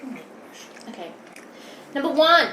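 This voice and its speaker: A young UK vlogger giggles through mukbang chat while eating, sounding slightly winded. Her voice is high, sharp, and very animated, yet her pace is measured. Echo and background noise fill the room.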